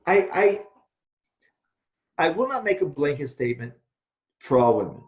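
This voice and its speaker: A man rants bluntly and profanely, his pitch swinging up and down. The recording sounds muffled and lo-fi, and it carries a roomy echo. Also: a little slow. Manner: blunt, profane, animated ranting. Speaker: co-host, Taoist teacher. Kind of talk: casual discussion. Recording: echoey room, dull lo-fi sound.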